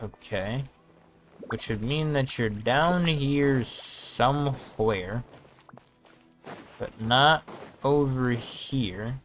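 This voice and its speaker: A man's voice: medium pitch, extremely slow, pauses often, a bit bright, soft background music. A man giving casual, joking gameplay commentary, often talking to himself as he plays. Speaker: streamer.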